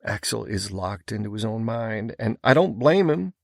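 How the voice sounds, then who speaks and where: A man narrating a first-person romance novel in an intense, gruff, steady way. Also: fairly low pitch, moderate pace, dry recording, studio quality. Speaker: audiobook narrator.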